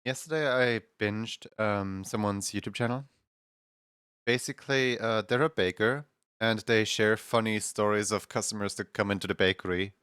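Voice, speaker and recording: A man's voice: fairly low pitch, fairly even intonation, normal speed, fairly bright tone, clear, resonant tone, no room sound, studio quality. A man streaming live, casually retelling funny skits with lots of fillers and chuckles. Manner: rambling, chuckling storyteller with many fillers.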